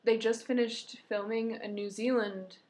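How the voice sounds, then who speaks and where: A woman's voice: a little high, fairly even intonation, unhurried, a little mellow. A woman co-hosting a podcast, chatting casually, laughing often as she tells stories. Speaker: podcast co-host. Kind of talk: casual chat.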